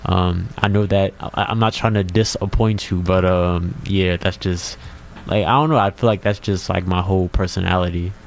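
Man, very deep voice, gravelly, laid-back, hesitant, casual radio chat. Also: fairly even intonation, moderate pace, a little hiss or hum. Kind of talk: casual talk show chat.

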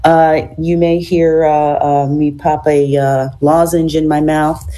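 A low-pitched woman hosts a radio talk show, hoarse from a cold that gives her voice a froggy, raspy edge. Her tone is dark and mellow, her delivery flat and measured, with ums and uhs filling the pauses.

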